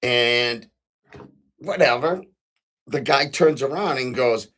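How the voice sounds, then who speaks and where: A man's voice: medium pitch, slow pace, pauses often, fairly bright tone. A middle-aged man hosting his own show, telling a story in a casual, earnest way with frequent ums and restarts. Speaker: podcast host.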